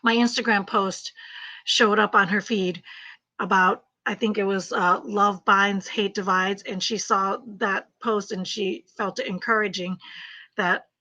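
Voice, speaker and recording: Chatty bright-voiced woman on a livestream. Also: mid-range voice, fairly even intonation, unhurried. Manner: chatty, emphatic, laughs often, repeats phrases. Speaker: crochet livestream host. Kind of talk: casual livestream chat while crocheting. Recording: slightly muffled livestream audio.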